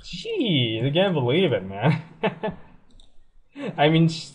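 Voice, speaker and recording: A young man giving casual, excitable commentary on a life-sim game, laughing often and swearing freely. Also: fairly high pitch, slow pace, breathy edge. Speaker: let's play gamer.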